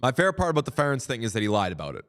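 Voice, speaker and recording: A man co-hosting a sports podcast in casual chat, telling stories with lively acted-out quotes. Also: medium pitch, racing. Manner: animated storyteller, acts out quotes. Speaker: podcast co-host.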